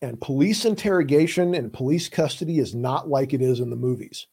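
A man's voice: mid-range voice, expressive, brisk, gravelly, dark tone, breathy edge. A man who hosts the show and works as a criminal defense lawyer, explaining legal rights in an emphatic, plain-spoken, urgent way. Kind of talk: casual explainer talk.

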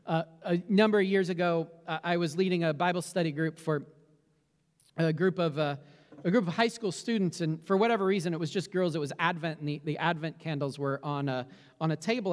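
A man's voice: fairly high pitch, in a large hall. A middle-aged man, a pastor, praying and preaching earnestly, often repeating words as he restarts. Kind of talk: prayer and sermon. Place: church sanctuary with candles behind him.

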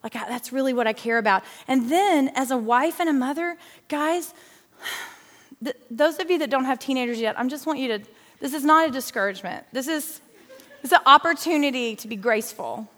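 Woman, middle-aged, high voice, church Bible teacher, chatty and animated, long hall reverb. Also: fairly quick. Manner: chatty and animated, addresses listeners as guys. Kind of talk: lively church Bible lesson.

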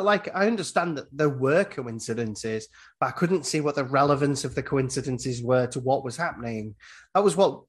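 A man, hosting a casual podcast and retelling film scenes. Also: mid-range voice. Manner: retells scenes, acting out the characters' lines. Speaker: podcast host. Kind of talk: casual film recap chat.

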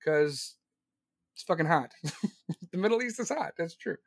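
A man on a live stream ranting loudly and sarcastically about politics, mocking the other side in put-on voices. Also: a little high, animated, measured pace, no echo, clean studio sound.

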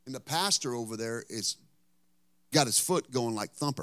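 A male pastor preaches with a storyteller's drive. He swings from loud, emphatic outbursts down to hushed whispers to drive home his points. His voice sits at a middle pitch and is recorded close and dry, with no room echo. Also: fairly quick. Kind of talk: sermon.

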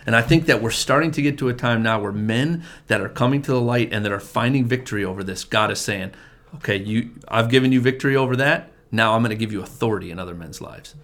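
A man's voice: mid-range voice, fast talker, fairly bright tone. Earnest man telling his testimony. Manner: earnest, repeats words, many restarts. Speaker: family pastor, men's group leader. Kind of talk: casual testimony in conversation.

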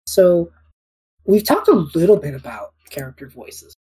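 A woman co-hosts a relaxed gaming podcast, reading out listener questions and joking as she rambles. Her voice is very husky and breathy, with a mellow, dark tone, pitched a little low. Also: normal speed, low-quality recording. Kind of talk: casual chat.

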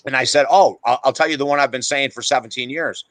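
A middle-aged man speaks with a bright, forceful tone, recorded close and dry with no room sound. He is a podcast guest, blunt and emphatic, who pokes fun at himself as he tells his stories. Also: medium pitch, quick pace, dry recording, low-quality recording. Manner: emphatic, blunt, self-deprecating. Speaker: guest author. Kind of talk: animated podcast storytelling.

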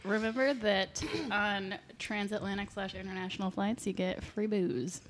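A woman's voice: medium pitch, steady tone, moderate pace, slight background noise. A woman co-hosting a podcast, talking in a laid-back, chatty way. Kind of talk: casual group chat.

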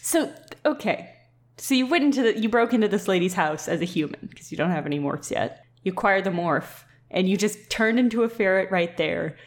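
A woman's voice: mid-range voice, animated, fairly quick. A woman co-hosting a podcast, cracking jokes and giggling between passages she reads aloud. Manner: joking, giggly commentary. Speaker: podcast co-host. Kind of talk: casual banter and read-aloud.

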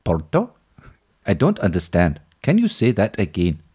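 A man voicing a polite, baffled man who keeps apologizing as he asks about some chips, with a husky voice. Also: deep voice, huge pitch swings, moderate pace, warm tone, heavily acted. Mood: puzzled polite. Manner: courteous, more and more apologetic.

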